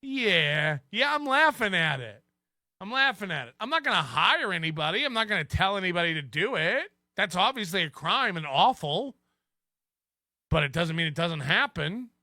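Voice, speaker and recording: High, bright-voiced mocking male host. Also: sing-song, normal speed, dry recording, clean studio sound. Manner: mocking, sarcastic, laughs at own remarks. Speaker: podcast host. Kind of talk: ranting commentary.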